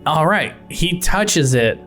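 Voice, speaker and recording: Young male game master, animated delivery, rambling and casual. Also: on the high side, faint music behind. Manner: rambling, many fillers, quick laughs. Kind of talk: narrating a tabletop game.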